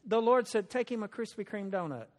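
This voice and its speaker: A slightly high-voiced man tells a personal testimony in a folksy, chatty way. His voice rings out with a long reverb through a large hall. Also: animated, a little fast, a little hiss or hum. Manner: folksy, conversational, with laughter. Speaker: speaker sharing a personal testimony. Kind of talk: storytelling testimony.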